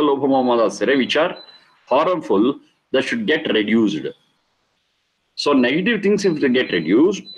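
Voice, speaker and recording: A man's voice: on the high side, poor audio. A middle-aged man giving a spiritual discourse, stressing and repeating key words and explaining Sanskrit terms. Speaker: Vedic teacher.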